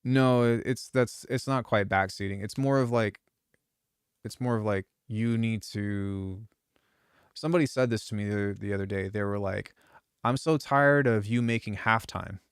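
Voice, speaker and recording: A man's voice: on the low side, fairly even intonation, normal speed, clean tone, dry recording, clean studio sound. A man who produces music, chatting casually on a live stream, rambling and swearing freely with lots of restarts. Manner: rambling, profane, frequent restarts.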